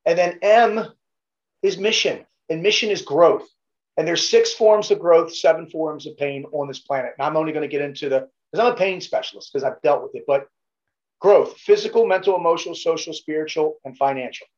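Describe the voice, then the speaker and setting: Motivational man on dull audio. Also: on the high side. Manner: motivational, emphatic, joking. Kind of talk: casual podcast chat.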